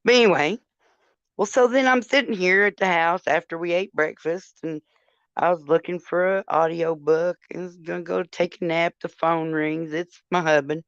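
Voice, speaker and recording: A woman's voice: lowish voice, fairly even intonation, normal speed, clear, resonant tone, dry recording. An older woman telling a story on a casual livestream, profane and chatty, talking straight to her viewers. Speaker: livestream host. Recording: dull lo-fi sound.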